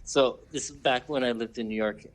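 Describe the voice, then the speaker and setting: A man's voice: medium pitch, steady tone, a little fast, poor audio. A man calling in as a guest, telling a story casually and repeating words as he goes. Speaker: phone-in guest.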